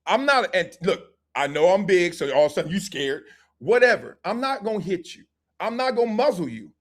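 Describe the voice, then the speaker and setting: A man's voice: high-pitched, very animated, a little fast. A middle-aged man hosting a live sports talk stream, joking, slangy and acting out little scenes as he talks. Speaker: host.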